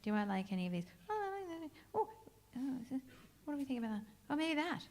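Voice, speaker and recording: A woman's voice: a little high, animated, quick pace, a little mellow. A woman from England, a jazz singer chatting and joking with the audience between songs on a club stage.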